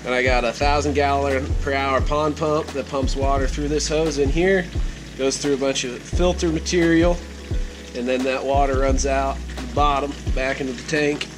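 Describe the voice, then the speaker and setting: A fishing channel host with a medium-pitched, level voice speaks at normal speed with music in the background. His casual vlog has an easygoing, self-amused tone and moves between a pond outdoors and a bait tank at home.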